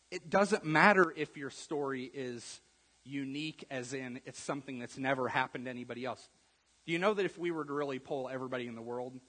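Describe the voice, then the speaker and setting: A man preaching a conversational sermon, repeating words and swinging from quiet asides to loud emphasis. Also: mid-range voice, husky. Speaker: pastor. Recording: long reverb of a church hall.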